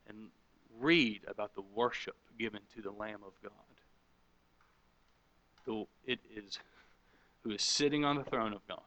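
Bright-voiced man teaching a Bible class. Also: mid-range voice, rough recording. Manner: conversational, asks the room questions and reacts to answers. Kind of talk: interactive sermon with audience questions.

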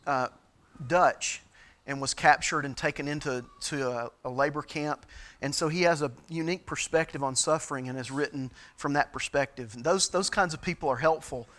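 A middle-aged man as a pastor, giving a sermon-style teaching talk, halting with frequent fillers and restarts. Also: on the high side, pushed and bright.

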